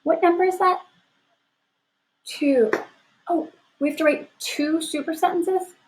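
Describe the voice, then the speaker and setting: A woman's voice: very high-pitched, fairly even intonation, a little slow, a little hiss or hum, poor audio. A woman teaching a fourth grade class in a recorded lesson, upbeat and encouraging, often checking in with "right?". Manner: upbeat, encouraging, asks rhetorical questions. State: sleepy, yawning. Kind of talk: remote class lesson to children.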